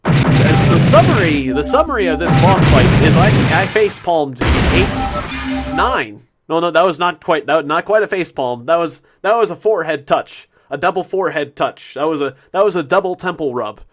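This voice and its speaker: A man's voice: a little high, animated, normal speed. A man hosting a gameplay recap, chatting casually with a self-deprecating, giggly manner and frequent restarts. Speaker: gaming video host. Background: loud game music.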